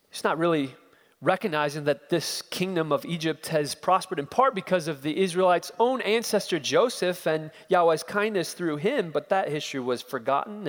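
A man's voice: a little high, big-room sound. Man preaching with dramatic rhetorical questions. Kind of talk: expository sermon.

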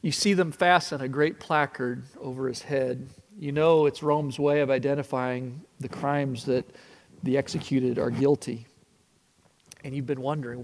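A man preaching a sermon that retells a story in the second person, earnest and swinging from hushed passages to impassioned ones. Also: medium pitch, fairly even intonation, moderate pace. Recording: long hall reverb.

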